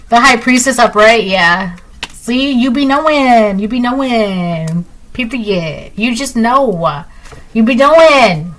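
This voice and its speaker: A woman's voice: on the high side, lively intonation, slow, a bit bright, rough recording. A woman giving a casual tarot reading, chatty and repetitive, often ending lines with "right?". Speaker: tarot reader.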